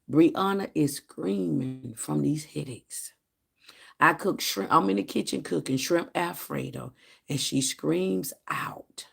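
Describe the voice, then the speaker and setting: A woman's voice: deep voice, takes it slowly, gravelly, pauses often, breathy edge. A woman telling a storytime vlog in a casual way, acting out the dialogue of the people in her story. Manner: animated storytelling that acts out quoted dialogue. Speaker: vlogger.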